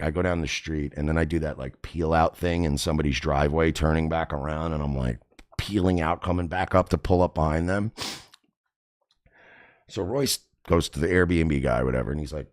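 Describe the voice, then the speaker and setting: A man hosting a radio show, telling a story in a casual, profane, animated way. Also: deep voice, moderate pace. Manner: profane, animated, acts out quotes.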